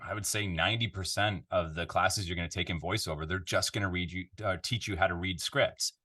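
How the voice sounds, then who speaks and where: A Canadian man, a voiceover artist, chatting casually in an interview from his home control room, animated and full of fillers. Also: sits low, a little fast. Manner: animated, conversational, lots of fillers.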